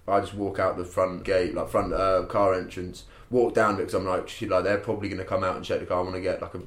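A man's voice: low-pitched, flat delivery, fast talker. Rambling man with roomy echo. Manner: rambling, laughing, sweary storytelling. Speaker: podcast guest telling a story. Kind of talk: casual chat.

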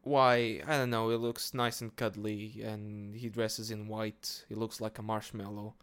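Slow, rambling man. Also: fairly low pitch, level tone, a bit bright, smooth. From Portugal. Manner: rambling, hesitant, lots of fillers and swearing. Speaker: podcast host. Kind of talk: casual monologue.

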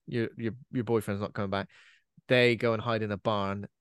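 A man's voice: on the low side, little pitch movement, normal speed, smooth, no echo, clean studio sound. A man co-hosting a podcast, chatting casually about a horror film with plenty of fillers and trailing asides. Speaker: podcast co-host.

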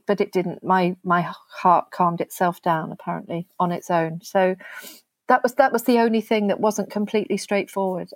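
A woman speaking as an interview guest, earnest and halting, often restarting her sentences. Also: medium pitch, no room sound. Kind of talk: conversational interview.

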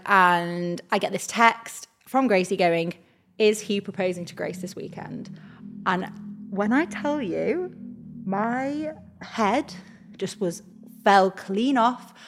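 A woman's voice: mid-range voice, a little hiss or hum. A young woman, a talent agent, telling a story as a podcast guest. She acts out the quoted dialogue and says "like" a lot. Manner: animated retelling, acts out quoted dialogue, heavy use of "like". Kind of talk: casual storytelling chat.

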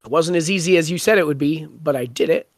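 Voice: medium pitch, fast talker, no room sound, lightly acted. Host doing a matter-of-fact drawling knight, dry close sound. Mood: cool.

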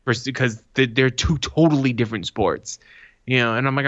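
Profane, animated man telling stories. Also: medium pitch, fast talker, no room sound, muffled recording. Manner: profane, animated storytelling with acted-out quotes. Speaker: podcast co-host. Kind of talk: casual chat.

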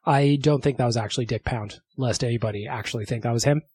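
A man's voice: medium pitch, fast talker, a little mellow, husky, dry recording. A man hosting a solo podcast, chatty and upbeat, laughing often. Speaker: podcast host. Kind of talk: casual solo podcast talk.

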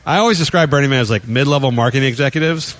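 A man's voice: mid-range voice, very fast, a bit bright. A man hosting a podcast in casual chat, ranting wryly and laughing at his own jokes. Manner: wry, ranting, laughs often. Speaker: podcast host.

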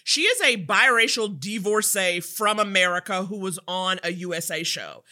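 A woman co-hosting a podcast, expressive and playful in casual chat. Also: mid-range voice, normal speed. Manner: expressive, playful, lots of fillers. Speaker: podcast co-host.

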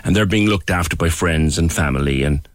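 A man's voice: low voice, a little fast, no echo, clean studio sound. A man hosting a phone-in radio show, speaking earnestly and often repeating words as he goes.

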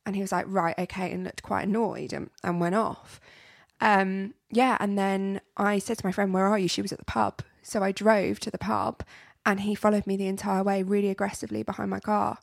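A young woman tells a personal story on a podcast, rambling and repeating herself as she goes. Her voice has a gravelly fry running through it, and the sound is dry and close with no room around it. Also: mid-range voice, little pitch movement, fairly quick, no echo. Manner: chatty storytelling with many fillers and repeats. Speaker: podcast co-host. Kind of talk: casual chat.

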